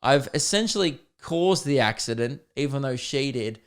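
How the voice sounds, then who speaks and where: A young man hosting a podcast, telling a comedic story in a casual, animated, self-deprecating way, with plenty of swearing. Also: medium pitch, moderate pace, clear, resonant tone. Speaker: podcast host.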